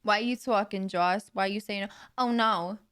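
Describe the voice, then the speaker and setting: A woman's voice: medium pitch, fairly even intonation, a little fast, a bit bright, clean tone. A young woman hosting a livestream, chatting casually and answering viewers' questions with frequent laughs. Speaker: livestream host.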